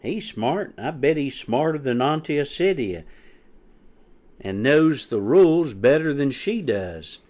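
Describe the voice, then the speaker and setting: A man's voice: mid-range voice, lively intonation, unhurried, a little mellow, pitched above the performer's own voice, close to an everyday voice. A man voicing an impatient, skeptical young male chick in a storybook reading. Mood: insistent.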